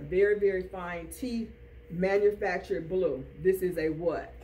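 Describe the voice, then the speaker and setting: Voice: mid-range voice, unhurried, warm tone. Instructor chanting terms in a classroom. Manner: drills terms with rhythmic repetition; quizzes students with call-and-response. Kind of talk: classroom lecture and drill. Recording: distant classroom recording, faint noise.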